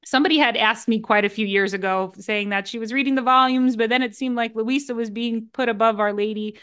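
A woman's voice: fairly high pitch, steady tone, brisk, a bit bright, clean tone. A woman on a discussion panel, earnest and conversational, giving friendly practical advice. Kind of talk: casual discussion.

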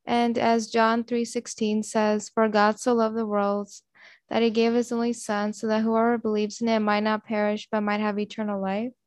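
A woman reflecting on a devotional reading and reading aloud, halting now and then. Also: fairly high pitch, monotone, no room sound, clean studio sound. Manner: halting, with fillers and restarts.

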